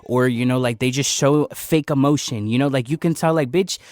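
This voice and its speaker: A man's voice: medium pitch, a little fast, darkish tone, no room sound. A young man hosting a podcast in casual chat, loose and profane, asking his guest questions. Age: young adult. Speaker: podcast host.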